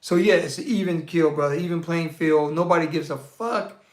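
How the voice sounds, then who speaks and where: A man hosting a casual monologue, answering viewer questions in a blunt, profane, rambling and animated rant. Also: fairly high pitch, normal speed. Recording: roomy echo.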